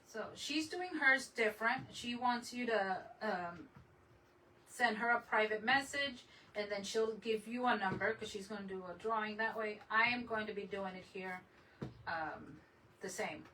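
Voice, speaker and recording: A woman with a mid-range, sharp-toned voice speaks a little slowly as she hosts a craft livestream, chatting casually with viewers and greeting them in Spanish. She laughs often and trails off mid-sentence, her voice a bit distant over faint room noise.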